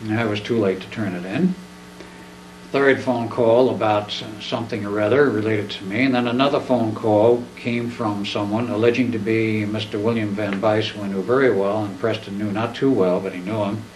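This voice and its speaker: In an echoey presentation room, an older man with a fairly low, steady voice tells a tale to an audience at a normal pace. He speaks plainly and folksily, imitating others when he quotes them, and the distant mic adds faint background noise.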